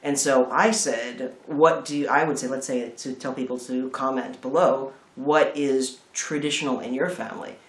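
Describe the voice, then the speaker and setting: A man chats casually about a film, wandering off on tangents and swearing as he goes. His voice sits at an ordinary pitch. The room gives it a noticeable echo. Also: fairly even intonation, normal speed, few pauses, a bit bright. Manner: rambling, swears freely, tangents. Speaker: film review host. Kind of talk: casual chat.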